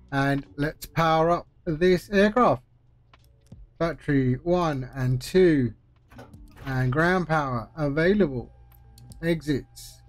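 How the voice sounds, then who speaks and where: Slow-talking man streaming a flight sim. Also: a little high. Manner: chatty, talks through each step, friendly asides. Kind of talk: live-stream commentary while playing.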